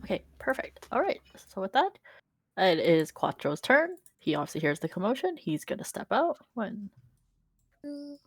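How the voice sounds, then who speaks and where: A woman's voice: medium pitch, big pitch swings, moderate pace, breathy edge, dry recording. A woman narrating as dungeon master in a tabletop game, giggly and rambling, with lots of fillers.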